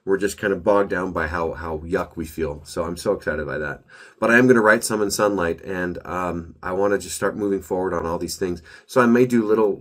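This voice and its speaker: A man talking casually through his weekly author update, rambling and upbeat with frequent self-corrections, his voice a little nasal as he gets over a cold and allergies. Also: sits low. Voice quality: slightly nasal.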